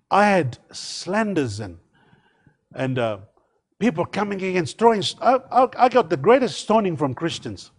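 A man preaching a sermon, reading scripture and calling out hallelujahs between points. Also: high voice.

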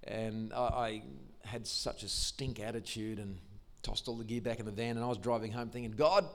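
A man's voice: lowish voice, level tone, moderate pace. An older man with an Australian accent, giving an enthusiastic storytelling testimony in church. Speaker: Christian musician and speaker. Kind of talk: testimony sermon.

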